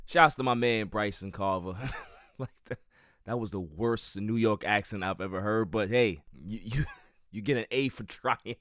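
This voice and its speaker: A man's voice: fairly low pitch, normal speed, fairly bright tone, dry recording, studio quality. Emphatic man hosting a sports podcast. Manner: emphatic ranting, repeats words while building a point. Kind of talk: casual sports talk.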